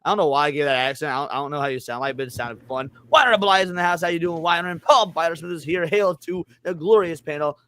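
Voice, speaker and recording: A man's voice: on the high side, fast, few pauses, pushed and bright. A man hosting a casual livestream podcast, joking loosely and greeting chat viewers by name. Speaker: podcast host.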